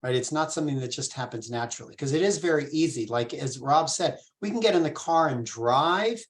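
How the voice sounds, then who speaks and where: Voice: medium pitch, animated, brisk. A rabbi teaching a conversational Torah class, explaining patiently and asking the group questions. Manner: informal, with fillers and restarts. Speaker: rabbi teaching a text study.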